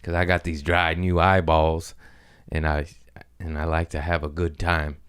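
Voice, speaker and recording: A man's voice: very deep voice, little pitch movement, unhurried, a bit bright, clean tone. A man hosting a podcast, telling loose, rambling stories with swearing and laughs in a casual chat. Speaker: podcast host.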